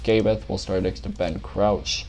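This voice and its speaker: A man's voice: deep voice, steady tone, measured pace, darkish tone, faint music behind. A young man commentating a pretend race, out of breath and tired, rambling and tripping over names.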